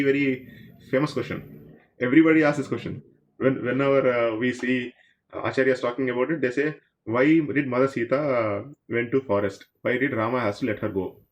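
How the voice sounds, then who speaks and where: A man who teaches a devotional story class and speaks conversationally, addressing his listeners directly. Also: mid-range voice.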